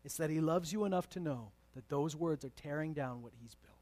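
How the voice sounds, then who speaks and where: This male pastor's sermon is emphatic and conversational, shifting from loud declarations to hushed asides and playful remarks. His voice sits a little high, and he talks a little fast.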